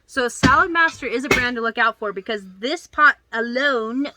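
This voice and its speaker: A woman's voice: on the high side, moderate pace, a loud crowd. A woman co-hosting a reselling vlog, cheerfully showing off sold items and telling viewers what each one went for. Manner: upbeat, says "guys" often. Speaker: co-host of a reselling channel.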